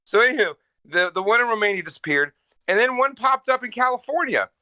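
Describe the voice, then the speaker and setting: A man co-hosting a comedy podcast, chatting casually in a playful, animated way from home. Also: very high voice, fast talker, no room sound. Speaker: podcast co-host. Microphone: home microphone on a call.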